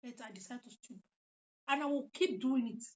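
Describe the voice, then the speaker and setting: A woman with a Nigerian accent talking in a casual monologue, animated and emphatic, repeating her points. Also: high voice, moderate pace. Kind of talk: casual monologue mixing Pidgin and local languages. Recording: dull lo-fi recording.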